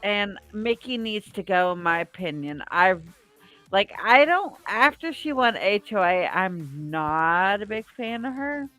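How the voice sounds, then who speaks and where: A woman's voice: mid-range voice, expressive, a little slow, pushed and bright, no room sound, soft background music. A woman co-hosting a casual reality-show recap, opinionated and outspoken, swearing freely. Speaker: podcast co-host.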